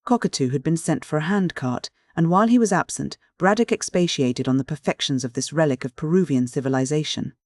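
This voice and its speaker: A steady audiobook narrator reads a classic mystery with an even storytelling pace. The voice sits at a middling pitch, recorded dry and close. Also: fairly quick, hardly any pauses, dry recording. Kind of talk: scripted narration of a classic novel.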